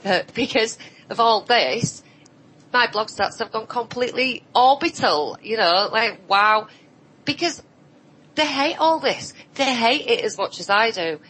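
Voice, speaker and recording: A woman's voice: fairly high pitch, unhurried, pushed and bright, a little hiss or hum, low-quality recording. A woman on an online roundtable, talking bluntly and sarcastically and mimicking other people's voices as she tells her side. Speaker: roundtable guest. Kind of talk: casual online roundtable chat.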